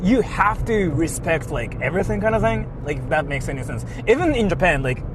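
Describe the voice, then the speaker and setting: A man telling a story in a casual vlog, animated and full of filler words. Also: on the high side, a little fast, background noise. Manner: animated, heavy use of filler "like", laughs often. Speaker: vlogger. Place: inside a car.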